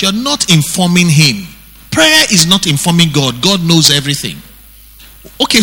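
A male pastor with a Nigerian accent, preaching an animated sermon that acts out the scriptures he quotes. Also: on the high side. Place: church hall. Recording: breathy voice in long hall reverb.

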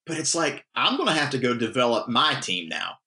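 A man, a firefighter, talking casually on a podcast in animated bursts with frequent restarts. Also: mid-range voice, fairly quick. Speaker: firefighter guest.

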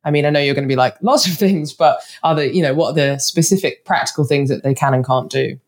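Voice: mid-range voice, fairly even intonation, quick pace. Chatty northern English interviewer. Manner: chatty, self-deprecating, filler-heavy. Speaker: podcast host interviewer. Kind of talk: casual interview questions.

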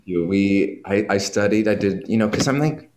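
A man, a guest from New York, telling animated stories in casual chat and swearing freely. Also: lowish voice. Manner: animated storytelling, heavy swearing, quick asides.

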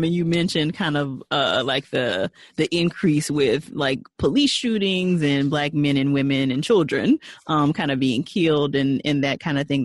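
A woman's voice: low voice, no echo. A woman therapist hosting an interview, asking questions in a chatty, casual way. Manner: chatty, many "like" and "kind of" fillers. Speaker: therapist, podcast host.

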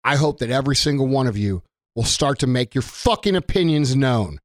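A man's voice: medium pitch, expressive, brisk, no room sound, studio quality. A man giving an angry, blunt rant to camera, swearing heavily and repeating himself for emphasis. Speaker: business owner. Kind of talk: profane political rant to camera.

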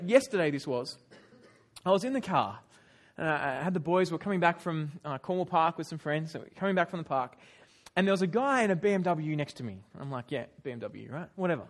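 A young man preaching a sermon, retelling a scripture story and sharing personal stories, his voice rising for emphasis. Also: high voice. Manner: animated storytelling, raises voice for emphasis.

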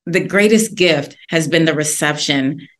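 A woman's voice: deep voice, unhurried. Earnest woman telling stories in an interview. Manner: earnest, animated storytelling. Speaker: guest author. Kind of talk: interview conversation.

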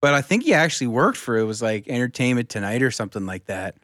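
A man's voice: medium pitch, sing-song, fast, fairly bright tone, no room sound, studio quality. A man co-hosting a podcast, cracking jokes and rambling through explanations in casual chat. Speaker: podcast co-host. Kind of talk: casual chat among friends.

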